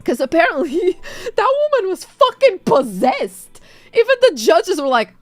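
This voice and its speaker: A woman streamer retelling a story in casual chat, animated, swearing freely and laughing often. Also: very high voice, a little slow, dry recording, soft background music. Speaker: VTuber streamer.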